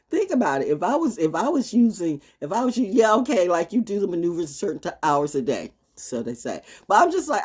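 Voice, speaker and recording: A woman's voice: sits low, a little mellow, breathy edge. A middle-aged woman hosting a talk show, rambling in a casual monologue, laughing often.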